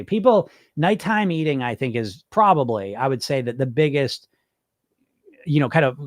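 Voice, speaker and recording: A man's voice: medium pitch, a little mellow, no room sound, studio quality. Blunt, profane man hosting a live stream. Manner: blunt, profane and emphatic, firing rhetorical questions. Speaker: podcast host and hypnotist. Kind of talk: casual live-stream talk answering chat comments.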